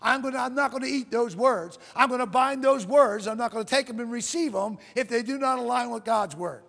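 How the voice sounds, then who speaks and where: A man preaching a sermon, calling out to the congregation and reading scripture in a slow, drawn-out cadence. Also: very high-pitched, gravelly, a bit bright. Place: church sanctuary. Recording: long reverb of a large hall.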